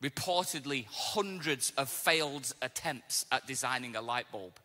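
A man preaching a sermon as pastor, telling stories with casual asides and lively acted quotes. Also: medium pitch, measured pace, big-room sound. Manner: animated storytelling, casual asides. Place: church auditorium.

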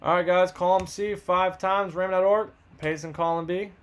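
A man hosting a live card box break, rattling off buyer names and teams in quick upbeat banter while losing his voice. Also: sits high, fairly even intonation, clear, resonant tone.

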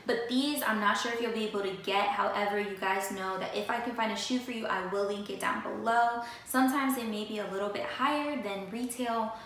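A woman's voice: mid-range voice, brisk, few pauses, a bit bright. A young woman vlogger chatting casually and with lots of energy, talking straight to her viewers about her new sneakers. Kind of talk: casual sneaker haul chat. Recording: echoey room with faint noise.

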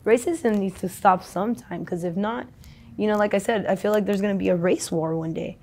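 A woman's voice: medium pitch, fairly quick, darkish tone. A young adult woman in a casual street interview, talking in a rambling, slangy, profane way.

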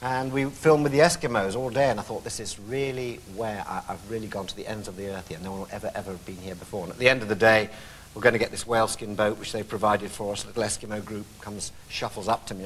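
A man who is a talk show guest, telling stories in an animated, self-mocking way and often laughing. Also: fairly low pitch, fast talker, a little hiss or hum. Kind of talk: anecdotal storytelling on a talk show.

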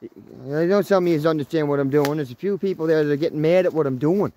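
A man in his thirties vlogging while hiking through the woods, excitable and swearing freely, talking to his dog as he goes. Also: fairly high pitch, fast talker. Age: 30s. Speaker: outdoors vlogger. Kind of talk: casual walking vlog. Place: outdoors in woods.

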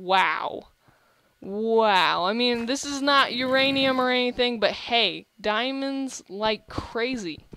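Bright, gushing young gamer. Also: medium pitch, slight background noise. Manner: excitable and gushing, with frequent restarts. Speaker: gaming video host. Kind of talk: let's-play gameplay commentary.

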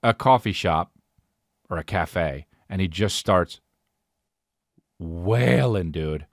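A podcast host tells a loose, rambling story, swearing freely and jumping into voices for the people in it. His voice sits low, but his pitch swings widely as he goes. The sound is close and dry, with no room around it. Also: slow pace, no echo. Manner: rambling, swearing, animated impressions. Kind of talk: casual storytelling monologue.

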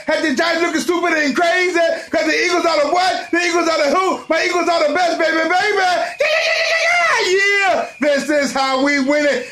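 A man cheers and chants at full volume. His voice sits very high and sounds bright and forceful. Every line comes out as a hyped shout. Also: echoey room, slight background noise. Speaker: sports fan personality. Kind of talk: hyped fan chants and skits.

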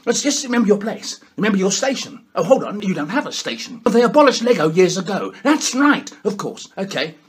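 A man's voice: sits high, very animated, fairly quick, hardly any pauses, husky, pitched above the performer's own voice, exaggerated voice. A man doing a comic impression of a posh, rambling male British politician who says "jolly well". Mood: pompous.

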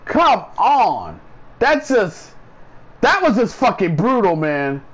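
A man's voice: high-pitched, sing-song, takes it slowly, fairly bright tone, slight background noise, rough recording. A man ranting in a casual vlog, swearing a lot, repeating himself and sounding incredulous. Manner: profane, repetitive, incredulous ranting. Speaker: sports vlogger.

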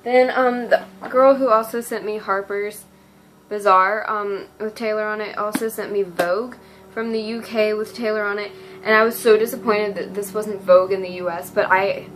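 A woman's voice: medium pitch, steady tone, moderate pace, a little hiss or hum, poor audio. Gushing, rambling teenage girl vlogger. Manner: gushing, rambling, full of ums. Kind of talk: casual fan vlog.

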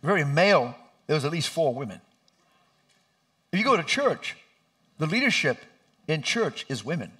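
A middle-aged man preaching as a pastor in a church, telling lively stories and laughing as he goes. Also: a little high, normal speed, pauses often, slightly rough. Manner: animated, laughing storyteller who acts out voices. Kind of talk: sermon with storytelling. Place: church sanctuary.

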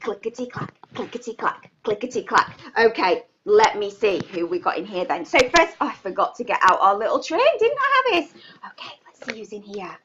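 A woman running a live online baby sign class, talking to toddlers in an animated, sing-song way. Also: medium pitch, fairly quick, highs cut off, a little hiss or hum.

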